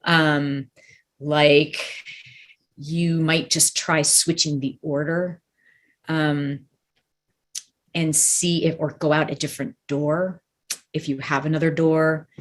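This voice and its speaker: A woman's voice: low-pitched, flat delivery, slow pace, pauses often. A woman dog trainer in a casual interview chat, talking in a thoughtful, rambling way and hedging her points.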